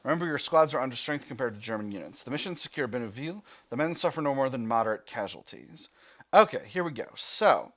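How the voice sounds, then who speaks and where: A man with an American accent, hosting a gaming video, who reads in-game narration aloud in a measured way and breaks off into offhand commentary. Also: mid-range voice, expressive, fairly bright tone. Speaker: gaming channel host. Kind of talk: reading game text aloud with let's-play commentary.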